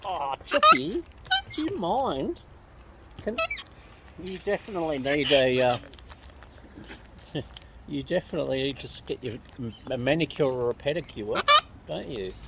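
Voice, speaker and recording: A woman's voice: rumbling low, moderate pace, vocal fry, long pauses. A woman talking baby-talk to the wild birds she is feeding, in a casual, cooing way. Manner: coos and baby-talks to birds. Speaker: bird feeder filming wild birds. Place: outdoors among birds. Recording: noisy outdoor recording with birds.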